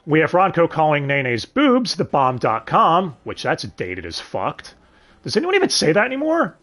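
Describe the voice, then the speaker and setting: A man's voice: a little high, huge pitch swings, normal speed, a bit bright. A man reviewing a dub in casual commentary, sarcastic and swearing, with sighs and questions to his listeners. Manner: sarcastic, swears often, sighs and asks the audience.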